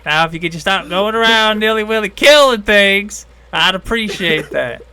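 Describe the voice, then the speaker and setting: A man voicing a folksy male god who speaks calmly with a laid-back drawl and a quiet menace, in a tabletop role-play. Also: high-pitched, moderate pace, smooth, pitched above the performer's own voice, heavily acted. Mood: drawling warning.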